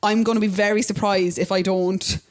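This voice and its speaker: A woman's voice: medium pitch, steady tone, normal speed. A woman co-hosting a casual podcast, playful and laughing, reading out lyrics for a game. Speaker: podcast co-host. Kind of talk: casual chat.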